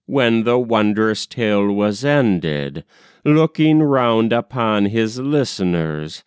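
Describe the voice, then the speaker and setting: A man reciting a long narrative poem in a measured, rhythmic way, as an audiobook reader. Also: medium pitch, clear, resonant tone, no echo, studio quality. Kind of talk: scripted poetry narration.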